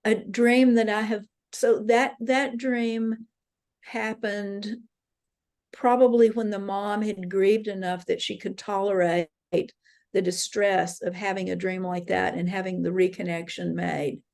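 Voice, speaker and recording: A woman's voice: mid-range voice, level tone, unhurried, creaky, darkish tone. A woman leading a dream workshop, earnestly retelling dreams and quoting the people in them. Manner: earnest storytelling, quotes voices. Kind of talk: teaching talk with retold dreams. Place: interfaith center workshop.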